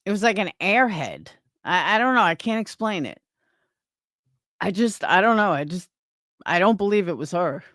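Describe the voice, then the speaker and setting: A woman's voice: mid-range voice, animated, normal speed, fairly bright tone, dry recording, studio quality. A woman live streamer chatting casually with her viewers, opinionated and rambling, restarting her sentences.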